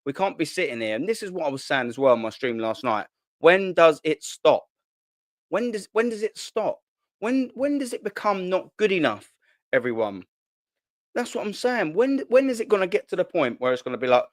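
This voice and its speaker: A young man, hosting a casual live stream from his kitchen at home, talking in excitable slang, swearing and repeating himself. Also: high-pitched, moderate pace, dry recording, clean studio sound. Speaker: football channel host. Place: at home, sitting at a kitchen island.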